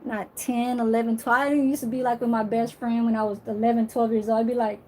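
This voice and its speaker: A woman's voice: on the high side, fairly even intonation, a little fast, few pauses, darkish tone, a little hiss or hum. A woman in her forties talking to camera in a blunt, emphatic, profane way. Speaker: vlogger. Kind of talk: casual monologue to camera.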